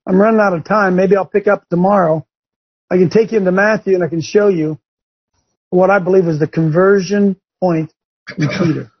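A man's voice: high-pitched, steady tone, normal speed, husky. A man preaching to a group in a folksy, emphatic way, speaking straight to his listeners. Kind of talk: sermon. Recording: dull lo-fi recording.

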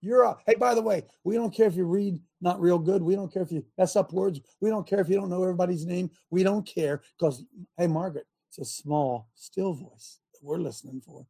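A man preaching to a men's gathering, reading scripture and swinging from loud urging calls to hushed near-whispers in a husky voice. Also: sits high, fairly quick, hardly any pauses.

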